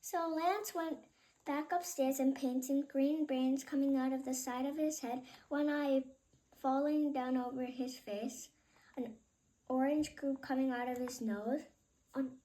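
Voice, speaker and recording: A woman reading a children's picture book aloud in an expressive, unhurried way. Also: sits high, low-quality recording. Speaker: reader. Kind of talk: children's storybook read-aloud.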